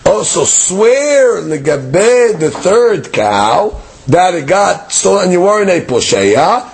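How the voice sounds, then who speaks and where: A man's voice: high voice, very animated, slow, creaky, slight background noise. A man teaching a daily Talmud lesson, explaining case by case and asking and answering his own questions. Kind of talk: Daf Yomi lesson.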